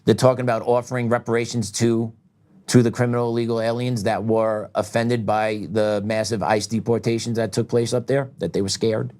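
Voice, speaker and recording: A man's voice: medium pitch, level tone, fairly quick. Ranting middle-aged man. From United States. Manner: heated, ranting, swings between loud outbursts and quiet reflection, laughs often. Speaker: talk show host. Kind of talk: political talk show rant.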